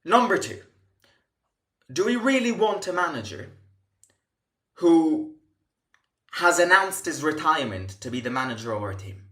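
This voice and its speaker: A man's voice: a little high, very animated, a little slow, pauses often, fairly bright tone. A man hosting a football fan channel, delivering an impassioned commentary rant full of emphatic rhetorical questions and frequent restarts. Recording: echoey room.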